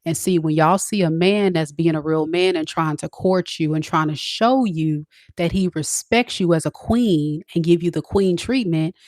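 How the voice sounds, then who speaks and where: Looking into the camera, a female tarot reader lectures the women watching with blunt, preachy love advice. Her low, slightly mellow voice moves at normal speed with few pauses, captured in a dry, clean studio recording.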